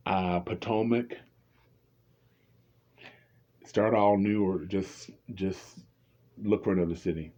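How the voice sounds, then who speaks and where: A man's voice: deep voice, a little mellow, highs cut off. A man commenting on reality TV in a casual, rambling, opinionated way, often restarting his sentences.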